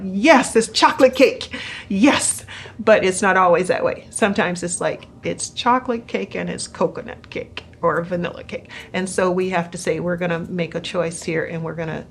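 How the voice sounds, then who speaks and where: Gentle, soft-spoken lower-voiced woman. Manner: gentle, laughing, speaks softly. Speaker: pastor's wife. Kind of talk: conversational Q&A on marriage.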